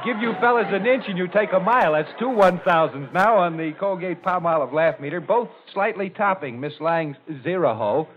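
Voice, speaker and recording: A man hosting a 1940s radio comedy panel show, brisk and jovial, chuckling as he moves the show along. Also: high voice, noisy background. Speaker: quiz show host. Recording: tinny old radio broadcast with studio audience.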